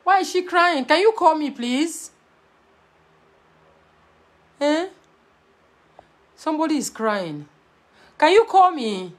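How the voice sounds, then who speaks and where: A woman with a Nigerian Pidgin English accent talks straight to camera in a high voice. She is blunt and animated, slipping between Pidgin and plain English as she talks. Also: takes it slowly, pauses often. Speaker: vlogger giving marriage advice. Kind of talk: casual to-camera talk.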